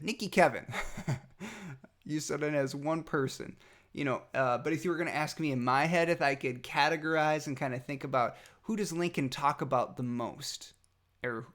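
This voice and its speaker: A man with a gravelly, mid-pitched voice talks straight to his toddler son in a heartfelt message. He speaks tenderly and haltingly, full of pauses and fillers, and sometimes sinks almost to a whisper. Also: fairly bright tone. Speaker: father.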